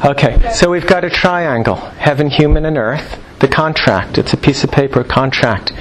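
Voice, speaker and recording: Animated man lecturing to a room. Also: fairly high pitch, moderate pace, a little hiss or hum, poor audio. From New York. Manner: animated, jokey, rhetorical questions. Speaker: lecturer on Chinese medicine. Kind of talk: live lecture to practitioners.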